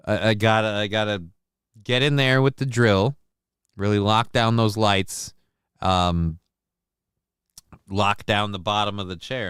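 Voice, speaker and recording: A man hosting a live talk show, rambling and joking, with loud bits and quiet asides. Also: lowish voice, smooth, no room sound, studio quality. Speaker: show host. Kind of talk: casual live-show chat.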